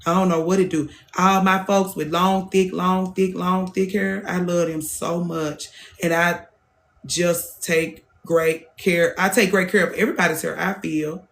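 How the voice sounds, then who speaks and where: A woman's voice: lowish voice, steady tone, unhurried. Woman in her thirties, hairstylist hosting her own show; blunt, profane, repeats herself for emphasis. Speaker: hairstylist and podcast host. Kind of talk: casual monologue.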